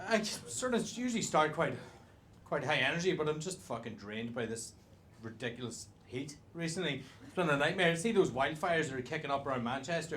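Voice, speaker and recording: High-voiced man over a loud crowd. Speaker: stand-up comedian. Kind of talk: stand-up comedy set. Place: comedy stage. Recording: loud crowd and noisy live recording.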